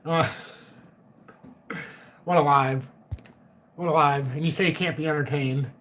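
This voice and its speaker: A man's voice: a little high, steady tone, a little slow, fairly bright tone, slight background noise. A middle-aged man hosting a live chat stream, joking, laughing often and swearing casually. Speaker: livestream host.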